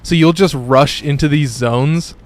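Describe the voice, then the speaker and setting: A young man's slightly high, somewhat slow voice carries his casual live-stream commentary. He's excitable and rambling, leaning on "like" constantly and cursing now and then.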